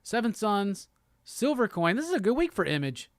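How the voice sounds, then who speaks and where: A man's voice: high-pitched, big pitch swings, moderate pace, no echo, studio quality. A man hosting a live show, chatting loosely and profanely while reading viewer comments aloud. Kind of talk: casual livestream chat.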